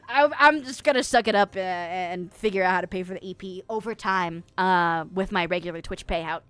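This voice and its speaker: A woman's voice: medium pitch, unhurried, fairly bright tone, clean tone, dry recording. A woman streamer chatting casually with her viewers, giggly and rambling, swearing freely and full of fillers. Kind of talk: casual livestream chat. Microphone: streaming mic.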